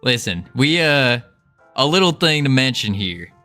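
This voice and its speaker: A man's voice: medium pitch, big pitch swings, measured pace, pushed and bright, soft background music. A man putting on a jokey Southern US accent as a folksy cowboy streamer, drawling and chuckling at himself. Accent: put-on Southern US.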